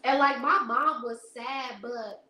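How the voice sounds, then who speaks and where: A woman's voice: fairly high pitch, steady tone, takes it slowly, background noise. A young woman, chatting casually to viewers in a rambling, laughing storytelling way. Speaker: live stream host. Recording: echoey room.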